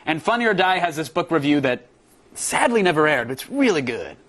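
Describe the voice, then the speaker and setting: A man's voice: on the high side, big pitch swings, a little fast, fairly bright tone. A man co-hosting a TV show, bantering in a goofy, self-mocking way and laughing often. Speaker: TV show co-host. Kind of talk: joking studio banter.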